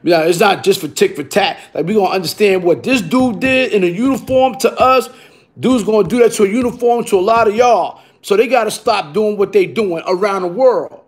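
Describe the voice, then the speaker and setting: A man from Brooklyn speaks in a raised, high register. He rambles in a raw street monologue, cursing freely and circling back with the same tag questions again and again. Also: lively intonation, fairly quick. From Brooklyn, New York. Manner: streetwise, profane, repeats "you heard?" tags. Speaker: vlogger.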